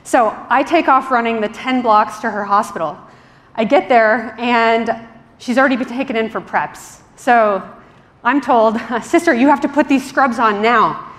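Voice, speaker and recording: A woman with a fairly high voice delivers a keynote in a large hall, and her words ring out with a long reverb. She tells stories animatedly, acting out quotes and laughing. Then she drops into a hushed, soft voice for prayer. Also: measured pace. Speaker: religious sister giving a keynote talk. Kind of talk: conference keynote with storytelling and prayer.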